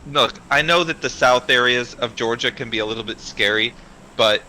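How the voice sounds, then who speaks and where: A man's voice: medium pitch, moderate pace, sharp tone, a little hiss or hum, low-quality recording. A man chatting casually on a stream, blunt and matter-of-fact, swearing freely. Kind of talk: casual chat.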